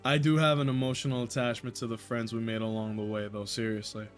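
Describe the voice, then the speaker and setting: Male streamer, excitable and jokey, mid-pitched voice, faint game music behind. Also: fast talker. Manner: joking, excitable, laughs often, swears, talks to chat. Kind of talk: live gameplay commentary.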